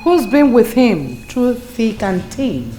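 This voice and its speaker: An actress with a Nigerian accent playing the defiant, indignant wife of a sick chief in a Nollywood drama. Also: female voice, on the high side, very animated, takes it slowly, warm tone, faint music behind. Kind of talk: Nollywood film acting.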